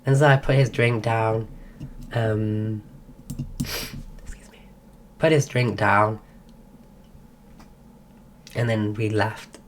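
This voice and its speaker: A woman with a strikingly deep voice tells a long, rambling story on a stream, full of "like" and false starts. She is sick and her voice is going. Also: steady tone, takes it slowly, long pauses, a little hiss or hum. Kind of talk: casual storytelling.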